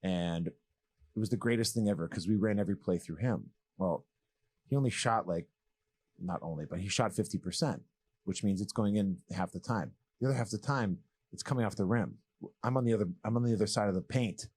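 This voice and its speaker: A man's voice: fairly low pitch, brisk, husky. A man in his thirties from Massachusetts, a former pro basketball player telling his story as a guest in a casual, candid, joking way. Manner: animated, rambling, joking, candid.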